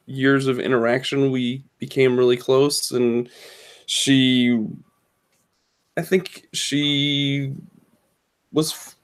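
A man answers the game master at a tabletop game, searching for his words. He speaks very slowly, with long pauses between fragments. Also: medium pitch, clear, resonant tone. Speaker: player. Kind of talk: casual tabletop play.

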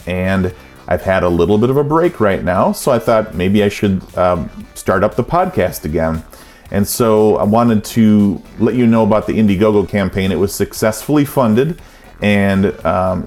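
Brief: middle-aged male podcaster, low voice, loose rambling chat full of fillers. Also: darkish tone. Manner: rambling, frequent ums and uhs. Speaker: podcast host. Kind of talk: casual podcast monologue.

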